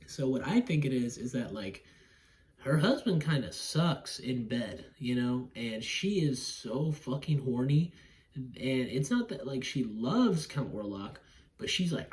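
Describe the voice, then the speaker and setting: A man's voice: fairly high pitch, expressive, moderate pace, a little mellow, a little hiss or hum. A man rambling through a casual movie review at home, swearing freely, laughing, acting out scenes, and yawning now and then. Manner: rambling, profane, laughs often, acts out scenes. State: yawning, drowsy.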